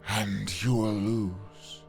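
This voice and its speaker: A man voicing a cold, menacing male dark wizard who draws out his threats in a hissing hush. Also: fairly low pitch, little pitch movement, very slow, gravelly, faint music behind, exaggerated voice.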